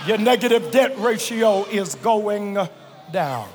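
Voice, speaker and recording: A man pastor preaching a fervent sermon, stretching and shouting phrases and calling on the congregation to answer. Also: high voice, a little slow, music in the background, a crowd in the background. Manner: colloquial, calls on the congregation to respond. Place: large church sanctuary. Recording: reverberant large hall, live church recording.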